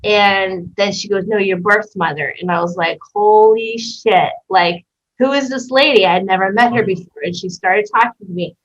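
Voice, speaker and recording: A woman hosting a podcast, telling a personal story in an animated way and acting out the voices in it. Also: mid-range voice, fairly quick. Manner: animated, acts out quoted dialogue. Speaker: podcast host. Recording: muffled lo-fi recording.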